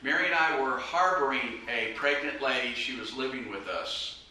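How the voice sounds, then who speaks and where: An earnest, urgent man preaches his testimony in a very bright, forceful voice. He sounds set back from the mic in a hall that echoes heavily, with a little noise underneath. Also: medium pitch, moderate pace. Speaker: evangelist preacher. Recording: very echoey room, mic far off, faint noise.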